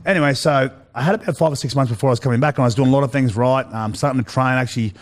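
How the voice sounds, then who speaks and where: Fast-talking Australian man telling stories. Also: mid-range voice. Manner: rambling, frequent restarts and fillers. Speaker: interview guest. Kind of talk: casual storytelling chat.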